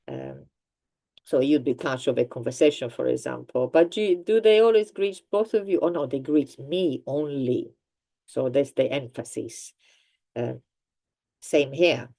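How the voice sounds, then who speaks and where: A woman with an Italian accent teaching a grammar lesson, explaining slowly with example sentences and laughing now and then. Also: extremely low pitch, vocal fry, dark tone. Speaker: language teacher.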